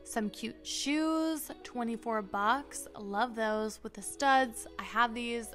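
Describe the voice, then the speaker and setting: A young woman with a fairly high, bright voice narrates a home shopping haul in a voiceover, full of enthusiasm for each find. She sounds eager and gushing throughout. Soft music plays faintly under her. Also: takes it slowly. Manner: enthusiastic, gushing over finds. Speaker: home decor vlogger.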